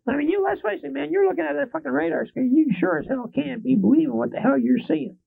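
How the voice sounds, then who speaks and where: A man's voice: very high-pitched, fast, vocal fry, no echo. A man with a Texan accent hosting a public access talk show, rambling and profane. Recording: tinny lo-fi public access audio.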